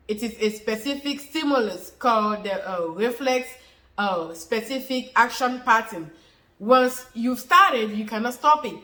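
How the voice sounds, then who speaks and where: Woman, bright forceful voice, slightly high, informal explainer, repeats points, lots of fillers. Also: rough recording. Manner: repetitive, restates points, many fillers. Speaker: health educator answering questions. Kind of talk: informal explanatory talk to camera.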